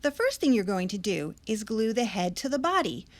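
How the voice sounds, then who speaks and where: A woman's voice: mid-range voice, sing-song, moderate pace. A woman children's librarian reading a story and explaining a craft patiently to young kids.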